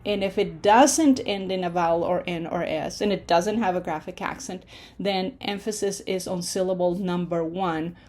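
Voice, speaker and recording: A woman's voice: fairly low pitch, a little mellow. A woman teaching a pronunciation lesson, patient, checking in often with her students. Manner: patient, checks in with frequent "okay?". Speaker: Spanish teacher.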